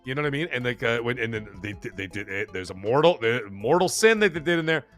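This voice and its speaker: A man hosting a live stream and reading out the chat. He talks fast and rambles, with lots of fillers and restarts. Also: medium pitch, lively intonation, fairly bright tone, faint music behind. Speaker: livestream host reading chat.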